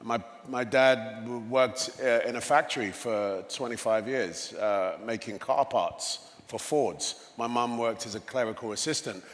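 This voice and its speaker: A man's voice: mid-range voice, a little slow, few pauses. Man in his fifties with an English accent, in a big hall. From England. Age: 50s. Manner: storytelling, tosses in "you know" often. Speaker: guest. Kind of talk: onstage conversation. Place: conference stage. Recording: long reverb of a large hall.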